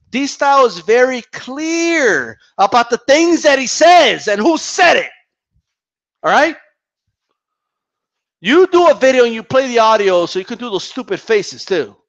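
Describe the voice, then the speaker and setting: A man's voice: extremely high pitch, a bit bright. A man hosting a boxing talk channel, delivering a combative, profanity-laced rant full of restarts and repeated words. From Mexican heritage. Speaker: boxing commentator. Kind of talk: heated rant vlog. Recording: dull lo-fi audio.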